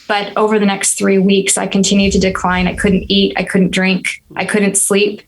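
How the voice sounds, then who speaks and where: A woman's voice: medium pitch, moderate pace, hardly any pauses, low-quality recording. A woman in her thirties, a podcast guest, telling a personal story in an earnest, reflective way. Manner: earnest, reflective, steady and even-toned.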